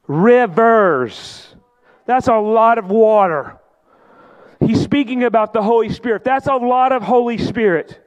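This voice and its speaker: High-voiced man preaching a sermon. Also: animated, unhurried. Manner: impassioned preaching, rising to shouts; repeats "come on" to the congregation. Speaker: pastor.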